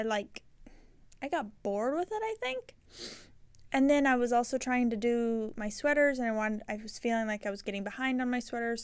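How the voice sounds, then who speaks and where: Woman, podcast host, casual chat, rambling, self-correcting, slightly high voice. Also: clear, resonant tone.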